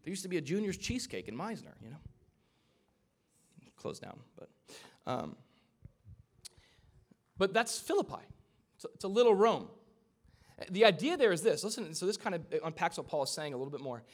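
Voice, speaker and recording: A man's voice: high voice, very animated, moderate pace, long pauses. A man preaching a sermon to a live congregation in a church, in a conversational style with joking asides. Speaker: pastor.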